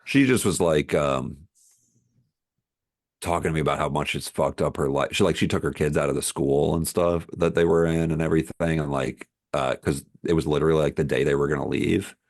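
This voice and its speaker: A man's voice: a bass voice, fairly even intonation, a little fast, darkish tone, no room sound. A man co-hosting a film podcast in casual comedic chat, rambling and laid-back on a close mic. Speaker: podcast co-host.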